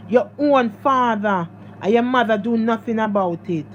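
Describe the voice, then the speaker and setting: Jamaican woman, high voice, emphatic storytime vlogger who repeats herself and talks straight to camera. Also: animated, unhurried, slight background noise. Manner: emphatic and repetitive, addressing viewers directly. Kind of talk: emotional storytime vlog.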